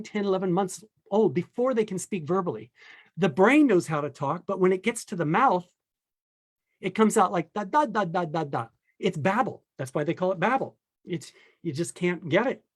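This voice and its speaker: Animated man teaching sign language. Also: high voice. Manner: lively, acts out quotes in voices. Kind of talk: casual talk on a video call.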